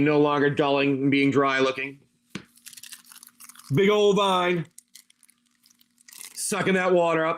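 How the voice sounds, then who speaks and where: A man's voice: on the high side, a bit bright. Chatty man ripping card packs. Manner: chatty, rambling, lists card names. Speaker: livestream seller opening card packs. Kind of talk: casual card-pack opening and storytelling.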